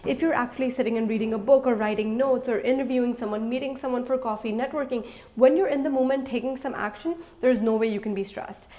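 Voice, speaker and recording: Speaking fast with hardly any pauses, a lifestyle vlogger in her twenties shares frank life advice to camera in a big-sister tone. Her voice is on the high side and dark in tone, and the talk is casual and chatty.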